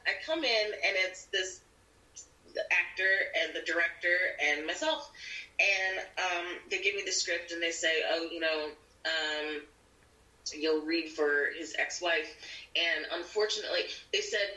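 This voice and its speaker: Casting: woman actor, bright voice pitched a bit low, guest on a podcast, recorded from a distance in an echoey room. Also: measured pace. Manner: animated, acts out quoted people. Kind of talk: casual storytelling chat. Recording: roomy audio from a distant mic.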